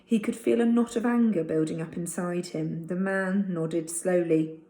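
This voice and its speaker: A woman's voice: fairly low pitch, fairly even intonation, normal speed, dark tone. A woman teacher reading a chapter of a storybook aloud to her class. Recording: roomy echo.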